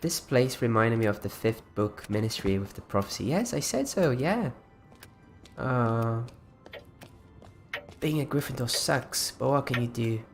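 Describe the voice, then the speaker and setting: A man's voice: medium pitch, gravelly. A man hosting a casual livestream, chatting loosely with frequent restarts while walking viewers through his creation. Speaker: livestream host.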